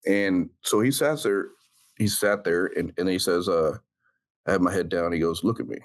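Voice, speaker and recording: A man, a former police officer, earnestly recounting his past in an interview, halting and reflective with many fillers. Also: sits low. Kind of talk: personal storytelling in an interview.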